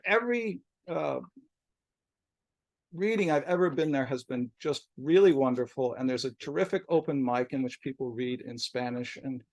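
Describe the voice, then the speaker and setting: A man's voice: medium pitch, dry recording. A man introducing poets at a reading, chatting with asides and self-corrections, then reading quoted lines of poetry aloud. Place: poetry bookshop reading, hybrid video call.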